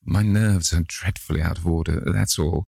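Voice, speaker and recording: A man voicing a nervous, haunted young gentleman who stammers anxiously in a read-aloud classic novel. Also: low-pitched, steady tone, normal speed, creaky, breathy edge, no room sound, studio quality, exaggerated voice. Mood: faint, shaken. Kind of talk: audiobook character reading.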